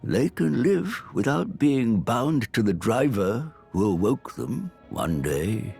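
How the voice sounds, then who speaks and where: An actor voicing an ancient, wise male titan blade who speaks in a slow, measured way, heard from game audio over music. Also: mid-range voice, very animated, gravelly, a little mellow, exaggerated voice. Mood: solemn.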